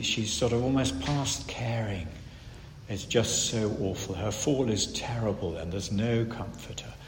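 A man preaching an expository sermon, earnest, moving between emphatic stresses and hushed, grave lines. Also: fairly low pitch, slight background noise. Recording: reverberant hall, faint room ambience.

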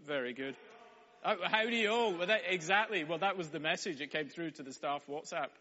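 Wry preacher in an echoey hall. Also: male voice, a little high, fairly quick, pushed and bright. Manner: wry, conversational. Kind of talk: sermon. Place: church hall. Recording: echoey hall, dull sound.

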